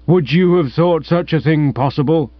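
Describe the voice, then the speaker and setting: A man's voice: on the high side, normal speed, no room sound, natural voice. A man voicing a stern, bullying man who speaks curtly and smugly in an audiobook. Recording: dull, dry, lo-fi sound.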